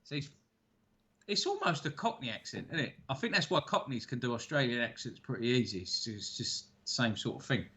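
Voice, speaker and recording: A man's voice: mid-range voice, very animated, brisk, sharp tone. A man co-hosting a casual chat over beers, telling stories in a laid-back way and swearing freely. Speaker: co-host.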